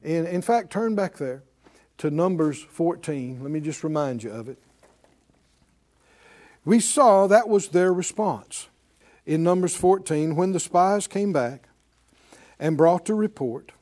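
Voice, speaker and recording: A man's voice: fairly high pitch, lively intonation, measured pace, long pauses, a little mellow. A man teaching a Bible class in sermon style, preaching emphatically and asking the class questions.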